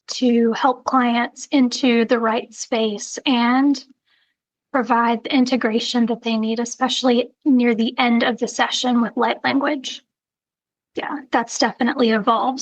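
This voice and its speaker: A woman's voice: a little high, no echo, rough recording. A woman from South Carolina with a Southern accent, speaking earnestly as a guest in a coaching conversation. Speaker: guest, intuitive reader.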